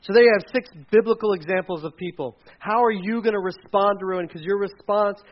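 This high-pitched male pastor talks a little fast as he preaches in a church, animating his stories and acting out what people said. The audio is dull.

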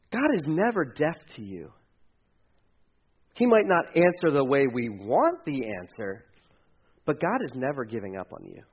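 A man preaching a conversational sermon, swinging from loud emphasis to hushed, quiet passages. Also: on the high side, slightly rough, muffled recording. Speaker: pastor.

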